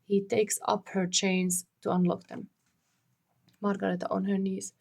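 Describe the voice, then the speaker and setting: A woman reads a play aloud, giving each stage direction in a plain, steady way. Her voice sits at an ordinary middle pitch. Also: unhurried, vocal fry. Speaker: tarot reader. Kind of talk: dramatic story reading.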